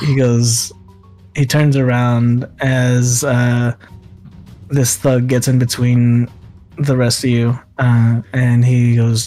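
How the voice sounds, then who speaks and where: Young man, game master, slow delivery, many fillers, faint music. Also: medium pitch, dark tone. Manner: laughing often, many fillers. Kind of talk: narrating a tabletop game.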